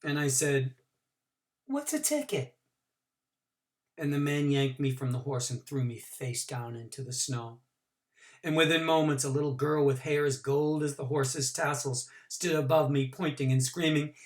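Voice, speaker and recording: A male teacher reading a novel aloud to his class, with expressive voices for the characters and small asides explaining things. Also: medium pitch, moderate pace. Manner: adds short explanations for listeners. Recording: voice picked up from a distance from the mic.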